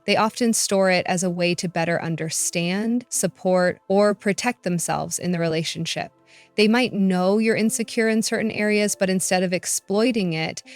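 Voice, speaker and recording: A woman reading a scripted voice-over narration in a calm, measured way. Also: fairly low pitch, dry recording.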